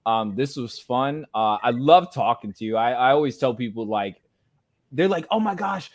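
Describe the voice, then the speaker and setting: A man's voice: mid-range voice, normal speed. A male podcast host in loose, easy conversation with a friend. His voice swings widely up and down as he jokes and tells stories, with plenty of slang and playful complaint. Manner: animated, joking, slangy. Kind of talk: casual chat.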